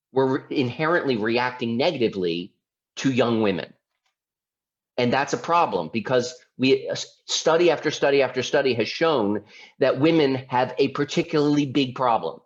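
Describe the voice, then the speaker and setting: Man lecturing in lo-fi sound. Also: medium pitch. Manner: conversational, asks the audience questions. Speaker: lawyer and speaker. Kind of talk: lecture presentation. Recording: dull lo-fi sound.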